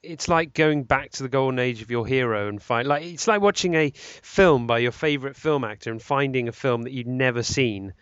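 A man's voice: mid-range voice, normal speed, few pauses, fairly bright tone, clear, resonant tone, dry recording. A man co-hosting a podcast, rambling and correcting himself with lots of ums. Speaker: podcast co-host. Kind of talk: casual chat. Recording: dull, slightly lo-fi dry sound.

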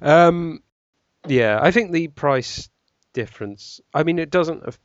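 This young British man co-hosts a relaxed tech podcast, reading out news with plenty of jokes and laughter. He talks slowly but animatedly at a fairly high pitch, and the dry recording has its highs cut off.

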